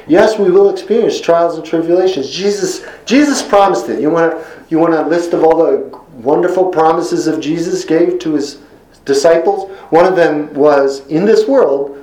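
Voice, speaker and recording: A man's voice: on the high side, darkish tone. Earnest preacher man in an echoey room. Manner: earnest, emphatic, with slow stressed phrases. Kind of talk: sermon.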